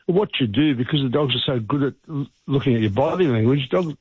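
A man's voice: medium pitch, a little fast, darkish tone, breathy edge, no room sound. A male vet, explaining earnestly and emphatically over the phone. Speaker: vet expert guest. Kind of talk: phone interview. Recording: tinny phone line.

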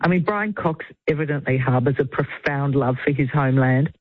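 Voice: medium pitch, brisk, no room sound. A radio host chatting casually through a film review, with frequent ums. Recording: dry, narrow phone-like sound.

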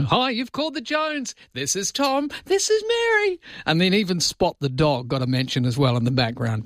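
A man's voice: medium pitch, dry recording, studio quality. An Australian man hosting a morning radio show, chatting casually and joking between news items. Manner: chatty, joking, dips into mock voices.

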